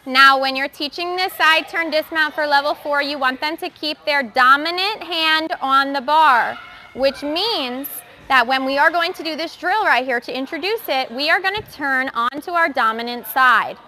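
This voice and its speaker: A young woman coaching young gymnasts through a live bar practice, giving brisk, encouraging instructions. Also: high-pitched, sharp tone, slight background noise. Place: gymnastics gym.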